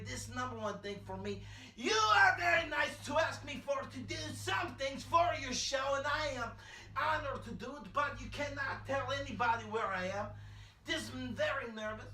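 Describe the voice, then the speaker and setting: A man playing an eccentric immigrant male poet who speaks broken English and declaims loudly. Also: very high-pitched, reverberant, recorded from a distance, a little hiss or hum, heavily acted. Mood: boastful. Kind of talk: comedy character monologue.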